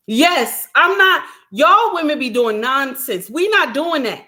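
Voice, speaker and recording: A middle-aged woman, giving an impassioned commentary monologue, repeating her points and shouting for emphasis. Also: sits high, lively intonation, slow. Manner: preachy, repeats lines for emphasis, shouts at times. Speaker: commentary vlogger.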